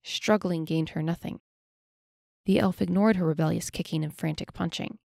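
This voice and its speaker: A woman narrating a fantasy audiobook in a steady, measured way. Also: lowish voice, vocal fry, no echo, studio quality.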